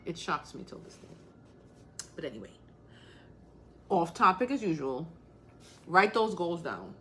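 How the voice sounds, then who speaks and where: A woman's voice: lowish voice, very animated, unhurried, bright, forceful tone, a little hiss or hum. A woman hosting a casual crafting livestream, talking bluntly and straight to the point while calling out viewers by name.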